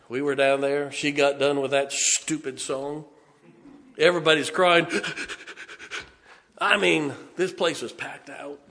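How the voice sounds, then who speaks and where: A man, preaching a sermon in a folksy storytelling way, with punchy asides and slow, stressed points. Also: fairly high pitch, pushed and bright. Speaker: pastor. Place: church sanctuary. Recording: long church reverb.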